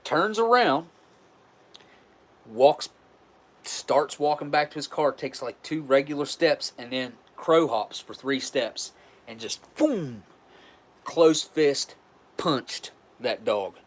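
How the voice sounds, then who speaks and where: A livestream host tells a story frankly and ramblingly, with profanity and frequent restarts. His fairly high voice is expressive and slow, and he pauses often.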